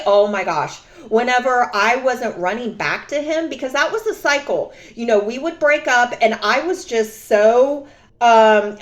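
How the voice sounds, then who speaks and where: A young adult woman telling a personal story in a casual vlog, sassy and animated, often mocking others. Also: fairly high pitch. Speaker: vlogger.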